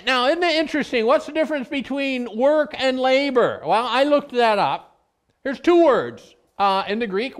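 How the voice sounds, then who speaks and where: Middle-aged male pastor, deliberate pace, relaxed teaching sermon with homely anecdotes. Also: high-pitched. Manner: conversational, explains word meanings with everyday stories.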